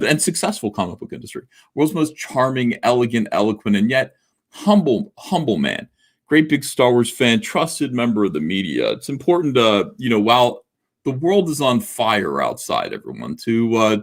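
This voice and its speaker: Rambling self-mocking man hosting a livestream. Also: mid-range voice. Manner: rambling, self-mocking, full of filler words and restarts. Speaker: livestream host. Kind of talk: casual livestream chat, reading viewer comments.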